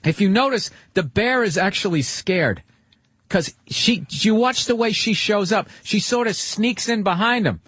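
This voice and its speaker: A man on a radio talk show, ranting emphatically about dogs with constant swearing and sudden squeaky impressions of other people. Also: a little slow, a bit bright, breathy edge, no echo. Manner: acts out quoted voices in sudden high squeaks. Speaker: comedian guest. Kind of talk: casual radio banter.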